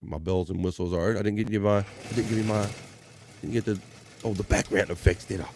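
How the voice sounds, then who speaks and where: A man's voice: on the low side, fairly even intonation, fast, a little mellow, slight background noise. Chatty man hosting a live stream. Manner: chatty, joking, reads viewer comments aloud. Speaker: live show host. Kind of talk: casual live-stream chat reading comments.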